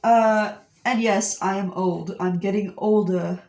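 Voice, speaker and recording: A woman's voice: medium pitch, fairly even intonation, slow pace, a little mellow, reverberant. A woman in her twenties chatting casually while she draws, telling a rambling story full of fillers. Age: 20s. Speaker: art streamer. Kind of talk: casual chat while drawing.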